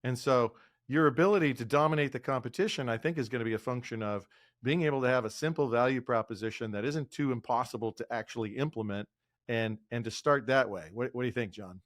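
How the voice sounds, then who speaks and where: A man in casual business-podcast conversation, laying out his points with easy asides. His voice sits at a middle pitch and sounds close and dry, with no room around it. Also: fast talker, no echo. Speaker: podcast co-host.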